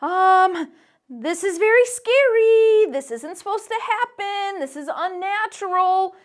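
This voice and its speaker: A woman's voice: lively intonation, slow pace, heavily acted. A woman voicing a group of panicky, frightened men in a boat, stammering nervously. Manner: stammering, nervous, high-pitched.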